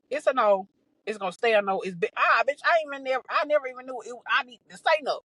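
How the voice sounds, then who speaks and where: A young adult woman hosting a podcast, telling a story in a casual, animated, profane way, with many restarts and exasperated asides. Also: a little high, a little fast, no room sound, rough recording. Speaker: podcast host.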